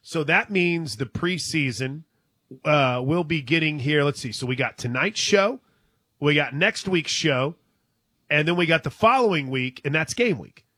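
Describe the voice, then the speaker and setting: A man's voice: fairly high pitch, animated, a little slow, bright, forceful tone, slightly rough, dry recording. A man hosting a casual sports talk show, upbeat and teasing as he steers the chat. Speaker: host.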